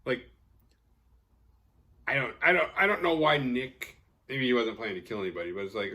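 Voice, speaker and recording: A man's voice: medium pitch, fairly quick, long pauses, pushed and bright. A man casually recapping a horror film, sarcastic and profane, acting out the characters' lines. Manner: profane, sarcastic, acts out quoted characters with laughs.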